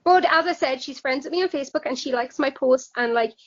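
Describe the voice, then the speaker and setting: A woman's voice: high voice, quick pace. An Irish woman chatting candidly and giggling as a guest on a casual podcast. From Ireland. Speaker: guest musician. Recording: dull lo-fi podcast audio.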